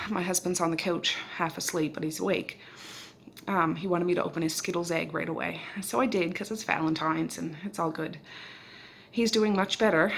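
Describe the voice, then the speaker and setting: A middle-aged woman with a lowish voice and a gravelly, fry-edged texture talks casually into a handheld phone camera. Her manner is homely and chatty as she addresses her viewers directly. A faint hiss sits under the recording. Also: a bit bright. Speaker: vlogger and mother. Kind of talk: casual day-in-the-life vlog narration. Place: home and car, in Nova Scotia.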